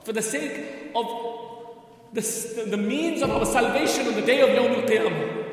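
A man's voice: extremely high pitch, moderate pace. A man making an impassioned fundraising appeal to a crowd in a large hall, pleading and pressing them with repeated questions. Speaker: charity fundraiser. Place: large hall at a religious gathering. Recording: echoey hall, distant mic.

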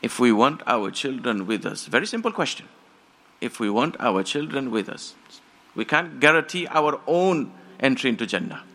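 Bright-voiced impassioned male preacher. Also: medium pitch, sing-song, normal speed. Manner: impassioned storytelling, acts out quoted voices. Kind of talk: sermon.

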